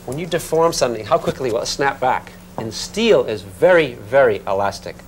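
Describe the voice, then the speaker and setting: A man teaching a physics class in a classroom, talking in a relaxed, conversational way and checking in with his students. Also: mid-range voice, moderate pace, a little hiss or hum. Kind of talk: classroom lecture.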